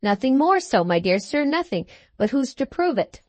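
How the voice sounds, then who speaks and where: A woman voicing a bustling, fussy little male lawyer who talks in a brisk, knowing way. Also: sits high, sing-song, a little mellow, no room sound, pitched above the performer's own voice. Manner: brisk, knowing, repeats "my dear sir".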